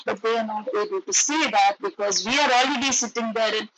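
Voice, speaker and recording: A woman's voice: a little high, normal speed, few pauses, a bit bright, slight background noise, rough recording. A woman with an Indian English accent giving an earnest parenting talk, explaining points and acting out exchanges between parents and children. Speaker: parenting educator.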